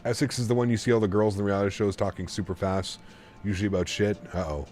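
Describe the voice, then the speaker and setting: A low-voiced man chats loosely on a live stream, drifting between topics and reading viewer messages out loud. Soft music plays faintly behind him. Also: steady tone, fast talker. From Canada. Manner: rambling, reads chat messages aloud. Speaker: flight sim streamer. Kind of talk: casual live-stream chat.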